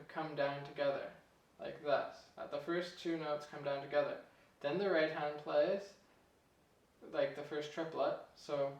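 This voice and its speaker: A young man giving a casual piano lesson, relaxed and chatty, chuckling at himself now and then. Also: a little high, distant mic. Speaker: piano teacher. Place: room with a piano. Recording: echoey room, voice off-mic.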